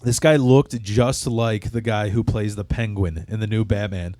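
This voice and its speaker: A man's voice: fairly low pitch, steady tone, normal speed, warm tone, no room sound. Male podcast host, foul-mouthed storyteller, dry studio sound. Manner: profane, rambling comic storytelling. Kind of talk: casual storytelling chat. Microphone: studio microphone.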